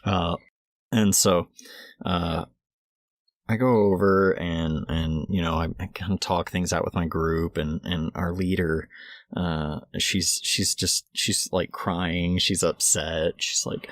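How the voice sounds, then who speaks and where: Brief: deep-voiced male co-host, loose rambling storyteller, dry close sound. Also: fairly even intonation, takes it slowly, dry recording. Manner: rambling, many restarts and fillers, laughs mid-story. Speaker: podcast co-host. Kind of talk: casual storytelling recap.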